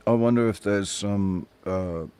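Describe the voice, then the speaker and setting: Deep-voiced man musing haltingly. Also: a crowd in the background. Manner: halting, searching for words, musing. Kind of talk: casual podcast chat.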